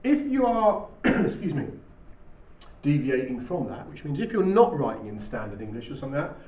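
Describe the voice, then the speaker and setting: A male teacher giving an English lesson in a measured, explanatory way. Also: medium pitch, very animated, darkish tone. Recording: roomy, distant, dull recording.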